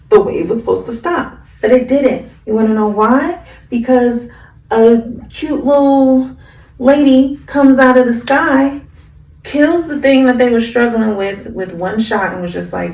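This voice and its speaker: Woman, anime recapper, chatty and slangy, gravelly voice, roomy distant mic. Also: fairly high pitch, very animated, unhurried, mellow. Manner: slangy, rambling, full of "like" fillers.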